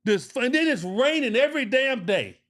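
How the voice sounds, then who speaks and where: A man's voice: extremely high pitch, lively intonation, moderate pace, fairly bright tone. A middle-aged man, a former pro basketball player co-hosting a podcast, telling a story casually and emphatically, repeating phrases for emphasis and swearing.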